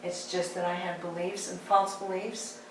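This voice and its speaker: A woman's voice: fairly low pitch, little pitch movement, moderate pace, slight background noise. A woman giving a candid, conversational talk and telling a personal story. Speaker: speaker. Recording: echoey hall, distant mic.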